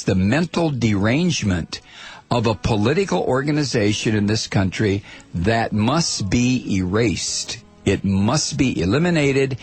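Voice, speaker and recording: A man hosting a political talk radio show, ranting in a sarcastic, mocking monologue that swings from loud outrage to low muttering. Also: husky.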